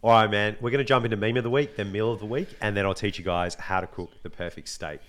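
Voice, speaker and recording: Animated Australian man telling stories. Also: lowish voice, fast talker. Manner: animated storyteller, swears freely. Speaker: podcast co-host. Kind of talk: casual chat.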